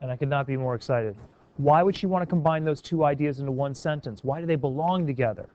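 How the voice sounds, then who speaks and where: A man's voice: fairly high pitch, fast talker, a little mellow, muffled recording, a little hiss or hum. A man teaching a class, calling on students by name and coaxing them to try sentence revisions. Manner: encouraging, questioning students by name.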